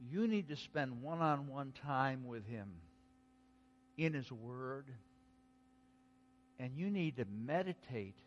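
A man preaching a sermon, slow and emphatic, dropping to a hush and then rising to exclaim. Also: medium pitch, muffled recording. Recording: long hall reverb.

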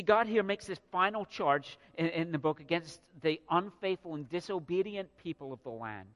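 A man delivers a sermon in an earnest, building manner, often repeating words as he works toward a point. His voice sits a little high for a man. The sound carries the long reverb of a church hall. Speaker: pastor. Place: church sanctuary.

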